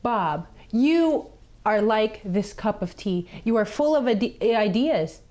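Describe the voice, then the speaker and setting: A woman, a nun and teacher, hosting a children's TV chat, gentle and teacherly, telling a story and acting out its voices. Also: mid-range voice, lively intonation, slow.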